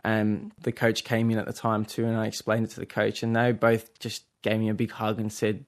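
A young Australian man in his twenties speaks candidly and earnestly, leaning on fillers as he tells his story. His pitch barely moves, staying in a flat, level line. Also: brisk, few pauses. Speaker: footballer. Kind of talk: interview.

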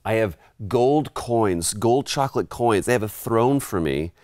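Guy with a lowish voice swinging all over, rambling through a story while gaming, dry room. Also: expressive, unhurried, darkish tone, dry recording. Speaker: co-host playing a retro game. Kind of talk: casual chat while gaming. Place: studio, sitting at a game console.

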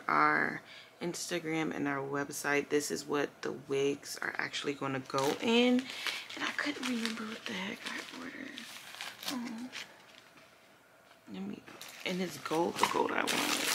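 A chatty woman films a casual phone vlog and talks straight to her viewers. Her voice sits low with a gravelly fry. Loud background noise runs under everything. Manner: chatty and animated, calls viewers girl, honey and y'all. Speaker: vlogger. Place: in a car and at home.

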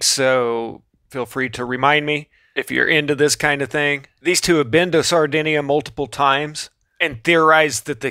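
A man's voice: on the high side, sharp tone, no room sound. Casual man narrating, dry close sound. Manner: offhand, sarcastic asides. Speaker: video narrator.

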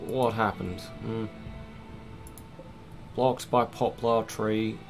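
A man's voice: fairly low pitch, steady tone, drawn-out words, creaky, music in the background. A man giving casual, rambling, self-mocking commentary while playing a game, swearing now and then. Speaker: gaming let's-play host.

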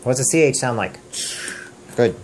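A man's voice: medium pitch, animated, moderate pace, a little hiss or hum. A man, the father, patiently coaching his young daughter through reading words at home, sounding out letters and encouraging her again and again. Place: family home.

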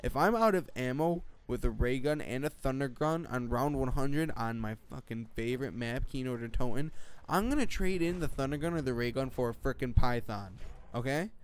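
A man's voice: mid-range voice, normal speed, hardly any pauses, smooth. A teenage boy giving rambling, jokey gameplay commentary late at night, swearing and jumping between topics. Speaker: gaming commentator.

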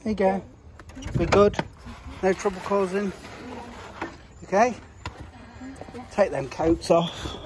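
A middle-aged dad speaks slowly and pauses often as he chats to camera for a family vlog in his garden outdoors, with background noise. He teases his kids and pets, shifting into a high, sing-song voice when addressing them.

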